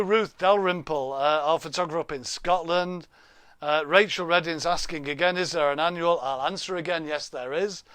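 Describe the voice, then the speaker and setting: A man talks into his laptop webcam from a room at home, hosting a casual live stream. His voice sits a little high and the sound is dry and close. He chats and jokes, laughs often and reads out viewers' names and comments. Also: a bit bright, no room sound. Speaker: livestream host.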